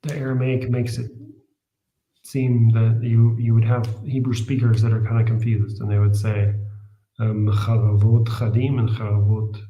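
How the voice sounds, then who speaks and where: A man's voice: fairly low pitch, flat delivery, moderate pace, reverberant, dull audio. A man co-hosting a Bible study stream, hesitant and looking things up as he talks. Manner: hesitant, reads from a dictionary, many restarts. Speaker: co-host in a Bible reading stream. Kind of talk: casual study discussion.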